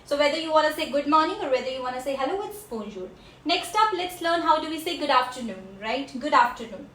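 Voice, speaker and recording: A woman teaching a French class, slowly repeating each word for her learners. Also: high voice, expressive, fairly bright tone, slight background noise. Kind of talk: classroom language lesson. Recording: echoey room.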